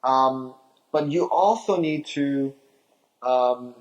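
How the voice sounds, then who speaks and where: A man's voice: medium pitch, very slow, darkish tone, lo-fi sound. A male physician giving a health talk, explaining diet with rhetorical questions.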